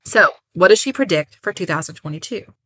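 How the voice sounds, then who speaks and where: A woman's voice: on the low side, expressive, brisk, a bit bright, husky. A woman co-hosting a casual podcast, reading out a list of predictions with wry asides. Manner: chatty, reads out lists with wry asides. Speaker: podcast co-host.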